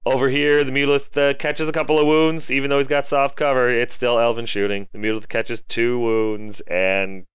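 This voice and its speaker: A man talks through a tabletop battle turn by turn, chatty and self-deprecating, then breaks into comic exasperated rants. His voice is smooth and clear. It is close-miked in a dry space with a slightly dull, lo-fi sound. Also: medium pitch, level tone, moderate pace, few pauses, no room sound. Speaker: wargaming battle report narrator. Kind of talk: casual battle report voice-over.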